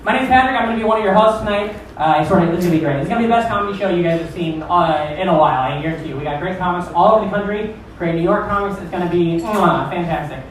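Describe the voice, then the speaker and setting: Profane rambling comedy club host. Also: male voice, high voice, racing, hardly any pauses, a little hiss or hum. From Iowa. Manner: rambling, profane, self-deprecating. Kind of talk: stand-up crowd work. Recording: echoey room from far off.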